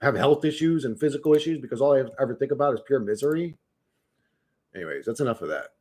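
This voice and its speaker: A man's voice: medium pitch, lively intonation, fast talker, a little mellow. A man chatting casually on a livestream, rambling and swearing, often restarting his words.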